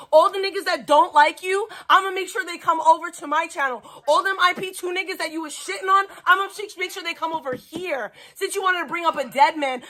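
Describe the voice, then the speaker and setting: A woman's voice: extremely high pitch, bright, forceful tone, a little hiss or hum. A woman ranting profanely and taunting someone on a home livestream. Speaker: streamer. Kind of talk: angry livestream rant.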